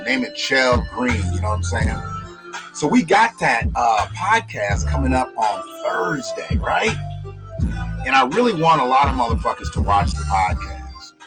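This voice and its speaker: A man hosting a casual live stream, talking loudly and profanely and joking with viewers. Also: mid-range voice, low-quality recording. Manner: loud, profane, joking, greets viewers by name. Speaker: live show host. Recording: music playing in the background.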